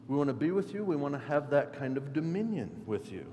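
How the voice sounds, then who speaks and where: A man's voice: on the high side, very animated, a little fast, dark tone. A man voicing ambitious male disciples asking for power, in a pleading, wheedling way. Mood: eager. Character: eager ambitious male disciples begging favors. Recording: echoey hall with faint hum.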